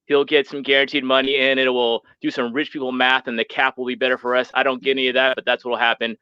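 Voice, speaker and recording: A man calling in to a sports show, excited and stammering as he talks about his team. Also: mid-range voice, quick pace, clean tone, no echo. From San Francisco Bay Area. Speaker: caller. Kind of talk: casual sports talk. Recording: dull lo-fi call line.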